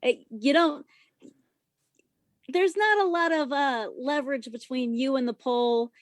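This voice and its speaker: A young adult woman, a podcast guest, telling a story casually in an animated, profane way, loud when she quotes herself. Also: high voice, unhurried, dry recording, studio quality. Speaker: podcast guest, former stripper.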